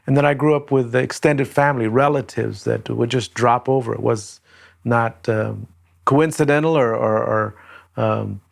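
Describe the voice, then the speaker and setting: An older man from Southern California telling a reflective personal story as a conference speaker, with many pauses and restarts. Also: medium pitch, vocal fry.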